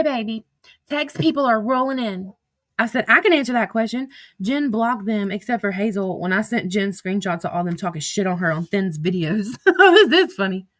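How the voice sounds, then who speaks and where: A woman, casually reading text-message screenshots aloud as a commentator, blunt and profane, with sudden outbursts. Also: medium pitch. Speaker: social media drama commentator.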